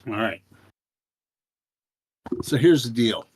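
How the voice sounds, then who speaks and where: A man narrating a tabletop game as game master, unhurried and pausing often with fillers. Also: medium pitch, expressive, husky.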